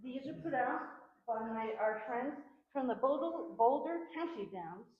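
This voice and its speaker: A woman's voice: sits high, expressive, measured pace. Impassioned woman organizer, shaky with nerves. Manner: earnest, heated, rallying. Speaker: precinct organizer. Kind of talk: impassioned town hall speech. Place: community center hall. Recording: very echoey, dull hall sound.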